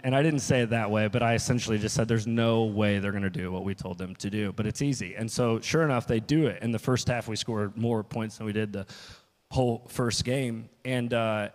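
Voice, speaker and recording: A man preaching a casual, story-filled sermon as pastor, often restarting and quoting himself. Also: on the low side. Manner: storytelling with restarts and quoted asides. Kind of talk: conversational sermon. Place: church hall. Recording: long reverb of a church hall.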